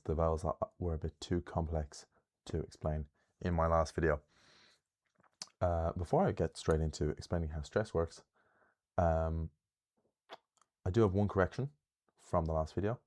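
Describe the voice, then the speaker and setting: A young man giving an explanatory lesson on pronunciation, careful and deliberate, slowing down to say example words clearly. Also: low voice, warm tone. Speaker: Irish language teacher.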